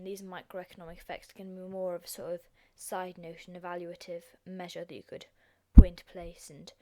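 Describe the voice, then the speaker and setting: Croaky young girl doing a chatty revision vid, lowish voice, keeps apologising. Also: mellow. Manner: chatty, self-deprecating, apologetic. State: hoarse, croaky voice. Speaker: revision video host. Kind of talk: casual revision lesson.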